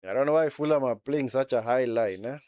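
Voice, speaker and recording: Here the commentator has a mid-range, darkish voice and talks fairly quickly, captured in a dry, studio-quality recording. He's watching football live and chatting casually, reacting as he goes and ending lines with asides like "man" or "eh."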